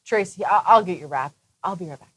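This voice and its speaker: A woman's voice: lowish voice, expressive, fairly quick, breathy edge. A woman reading the part of a proper, disapproving male fiancé at a table read, saying the punctuation marks aloud. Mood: prim. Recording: loud background noise.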